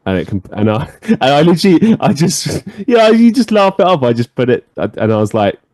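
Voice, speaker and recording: This podcast host has a fairly high pitch and talks a little fast, an animated storyteller who swears a lot and laughs often during casual chat. Studio-quality sound, no echo.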